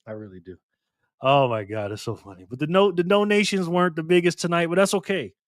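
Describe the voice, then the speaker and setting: A man's voice: a little high, fast talker, dry recording, studio quality. A tired man hosting a casual livestream, laughing often as he reads chat aloud. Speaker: livestream host.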